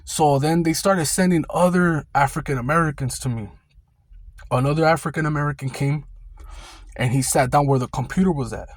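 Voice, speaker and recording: A man's voice: on the high side, fairly quick, no echo. A young man casually telling a rambling, profane storytime about his old security job, full of street slang.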